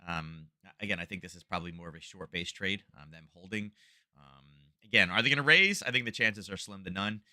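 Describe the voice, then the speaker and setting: A man's voice: deep voice, pushed and bright, no echo, studio quality. A man hosting a live trading stream, talking through the markets in a rambling, easygoing way full of fillers. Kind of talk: casual live market commentary.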